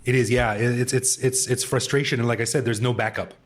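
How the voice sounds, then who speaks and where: A man's voice: medium pitch, fairly even intonation, a little fast. A man co-hosting a casual podcast, chuckling often and repeating words as he thinks. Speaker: podcast co-host. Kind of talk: casual chat.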